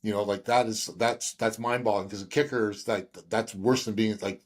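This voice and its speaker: A man's voice: on the low side, fairly even intonation, normal speed. A man hosting a podcast, rambling in casual chat and swearing offhandedly. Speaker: podcast host.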